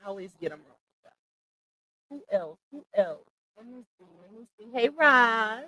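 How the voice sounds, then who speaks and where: A woman's voice: a little high, animated, normal speed, poor audio. A woman hosting a casual livestream, greeting her viewers by name and thanking them in a way of speaking. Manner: chatty, warm shout-outs with laughs. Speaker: livestream host.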